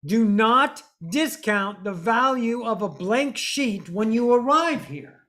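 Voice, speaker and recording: A woman's voice: on the high side, expressive, fairly bright tone. Blunt, profane woman preaching spirituality. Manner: emphatic, drawn-out stresses. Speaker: spiritual teacher. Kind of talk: spiritual monologue.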